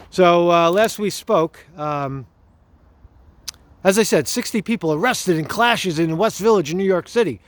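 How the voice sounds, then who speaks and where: Middle aged guy ranting on his vlog out in the woods, swears a lot, keeps saying right?, kinda high-ish voice. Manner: profane, repetitive, mocking, says "right?" often. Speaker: vlogger. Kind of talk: rambling political rant vlog. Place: outdoors walking in the woods.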